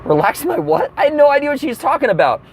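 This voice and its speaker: A man's voice: very high voice, quick pace. A man telling a comedic rant from his car, acting out the people in his story. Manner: animated storytelling with acted-out quotes.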